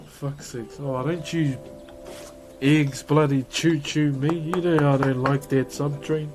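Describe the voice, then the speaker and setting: Easygoing New Zealand streamer in his twenties; slow, jokey banter with casual swearing, carving while he talks, music in the background. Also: a little high, steady tone. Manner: joking, swears casually, laughs often. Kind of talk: casual live-stream chat.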